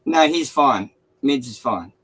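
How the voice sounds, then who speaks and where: A man's voice: mid-range voice, lively intonation, slow pace, fairly bright tone, breathy edge, faint music behind, rough recording. A man, a streamer telling a long crude joke in casual chat, swearing constantly and rambling. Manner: profane, rambling storyteller.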